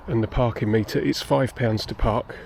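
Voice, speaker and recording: A man vlogs casually while hiking up a busy mountain path, a bit out of breath and poking fun at himself, filming on a phone held close. His medium-pitched voice is gravelly and darkish, with fairly even intonation and a moderate pace, and there's a little hiss or hum.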